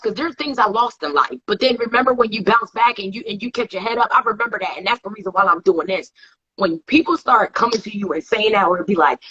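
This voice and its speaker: A woman's voice: medium pitch, fast, bright, forceful tone, husky, dull audio. A woman guest talking emphatically and with conviction about purpose and faith, often repeating herself for stress, close to tears. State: tearful, close to crying. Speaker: guest, TV host. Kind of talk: live interview conversation.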